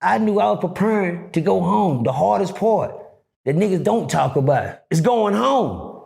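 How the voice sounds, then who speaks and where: Gravelly animated middle-aged man. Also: high-pitched, normal speed. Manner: profane, animated, acts out dialogue. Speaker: guest storyteller. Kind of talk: casual storytelling.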